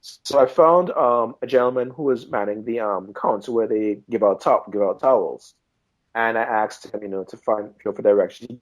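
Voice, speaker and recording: A man from Trinidad and Tobago, a podcast guest telling animated travel anecdotes and acting out the people he met. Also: on the low side, normal speed, dull audio. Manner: animated, acts out quoted voices. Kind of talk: casual storytelling chat.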